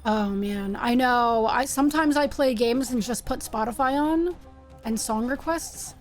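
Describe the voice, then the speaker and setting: A woman's voice: fairly high pitch, measured pace, soft background music. A woman hosting a live stream, chatting playfully with her viewers while she plays a game. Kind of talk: casual live-stream chat while gaming.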